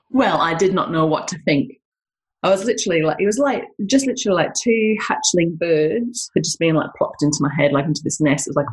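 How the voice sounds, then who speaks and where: A woman's voice: on the low side, lively intonation, moderate pace, poor audio. A woman business owner talking chattily from her home kitchen, full of asides and laughs. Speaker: business owner and health coach. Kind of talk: casual chat to camera.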